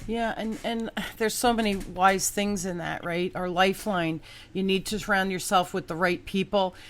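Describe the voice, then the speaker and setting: A woman's voice: mid-range voice, steady tone, normal speed. Woman podcast host, casual upbeat chat, mid-range voice. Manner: upbeat storyteller, acts out quotes.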